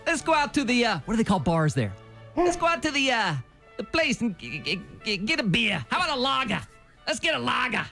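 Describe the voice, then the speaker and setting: A man putting on a bad British accent for laughs, halting and stumbling over his words in an old radio-show video. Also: very high-pitched, sing-song, gravelly, bright, forceful tone, faint music behind, exaggerated voice. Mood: goofy. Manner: halting, filler-heavy, laughing at himself. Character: clumsy fake British bloke, hopping between accents.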